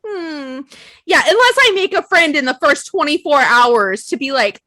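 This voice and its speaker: A woman's voice: sits high, expressive, moderate pace, sharp tone, dry recording. A young woman co-hosting a casual podcast chat, self-deprecating and swearing, laughing often and acting out her own quotes. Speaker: podcast co-host.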